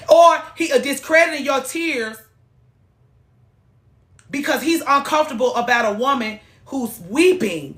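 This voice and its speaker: Black lady, cussing n giving straight-up advice, bright voice, echoey room. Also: high-pitched, normal speed, pauses often. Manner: blunt, profane, animated. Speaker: advice streamer. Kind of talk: live-stream advice chat.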